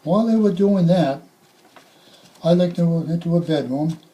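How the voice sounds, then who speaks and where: An older man, a retired firefighter slowly recounting sad calls, halting and repeating himself. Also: fairly high pitch, warm tone, low-quality recording. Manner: halting, reflective, repeats words. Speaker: retired firefighter telling stories. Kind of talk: spoken reminiscence.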